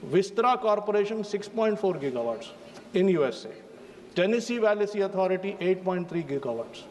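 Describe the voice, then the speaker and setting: A member of parliament with an Indian English accent delivers a formal, emphatic speech addressing the chair in a large parliament chamber. His voice sits high and is animated, at normal speed and a little mellow, recorded with chamber reverb, faint ambience and slight background noise.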